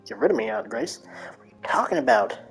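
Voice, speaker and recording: A woman's voice: fairly low pitch, huge pitch swings, brisk, gravelly, soft background music, full character voice. A woman voicing a frightened young girl who speaks in an anxious, pleading manner.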